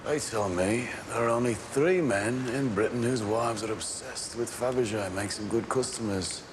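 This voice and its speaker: An actor playing a controlled gang leader, speaking in a cold, deliberate, clipped way in a television crime drama. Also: male voice, mid-range voice, lightly acted. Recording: film soundtrack with background noise.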